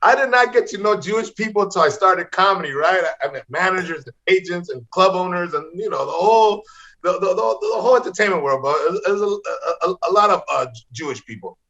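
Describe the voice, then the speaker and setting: A middle-aged man from Los Angeles, a comedian telling wild stories in an energetic way, always saying "bro" and "man.". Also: high-pitched, brisk. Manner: energetic, repeats "bro" and "man", acts out voices. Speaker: comedian guest. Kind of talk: animated storytelling. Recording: slightly dull lo-fi audio.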